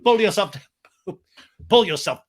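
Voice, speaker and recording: A man impersonating a brash, blunt man who loudly scolds someone to pull himself together. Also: sits high, animated, a little slow, pitched above the performer's own voice. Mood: scolding. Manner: loud, blunt and mocking. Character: brash, scolding man telling another to toughen up.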